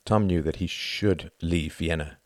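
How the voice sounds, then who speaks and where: A man narrating an audiobook in a steady, measured reading style. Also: deep voice, dry recording. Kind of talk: scripted narration.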